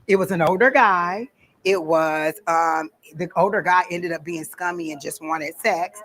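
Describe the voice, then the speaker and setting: A woman's voice: lowish voice, a little slow, a bit bright. A woman teaching a workshop at a psychic fair, talking casually and bluntly and acting out the voices she quotes. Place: event room at a psychic fair.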